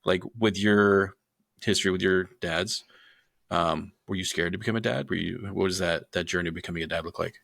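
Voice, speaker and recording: A man's voice: sits low, steady tone, fairly quick, vocal fry, a bit bright, no echo, studio quality. A man hosting a podcast, asking searching questions and rephrasing them as he goes. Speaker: podcast host. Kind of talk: interview questions.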